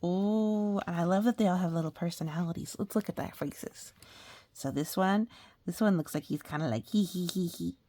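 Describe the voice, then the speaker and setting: A woman's voice: on the low side, moderate pace. A woman reading a picture book aloud to children and chatting about the pictures between passages. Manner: animated, talks to young listeners about the pictures. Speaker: storybook reader.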